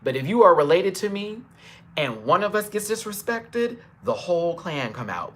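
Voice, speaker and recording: A man's voice: high voice, big pitch swings, moderate pace, a bit bright, a little hiss or hum. A man telling a story on a live stream into a phone camera, emphatic and swearing as he retells it in detail. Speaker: livestreamer.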